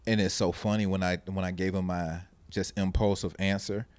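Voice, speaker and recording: Animated podcast host, low-voiced man. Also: normal speed, smooth, no room sound. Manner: animated storyteller, acts out quotes. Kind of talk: casual chat.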